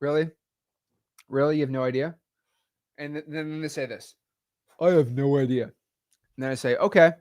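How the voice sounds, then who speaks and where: A man's voice: mid-range voice, fairly even intonation, normal speed, long pauses, warm tone, dry recording, clean studio sound. A man hosting a live-stream lesson on real estate deals, talking in a casual, slangy way and acting out calls with sellers. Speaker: real estate wholesaling coach and host. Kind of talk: live-stream teaching session.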